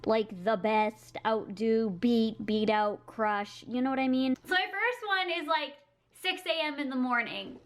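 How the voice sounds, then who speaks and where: A young woman vlogger ranting casually to camera in a sassy, animated way, often laughing and mimicking people. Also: a little high.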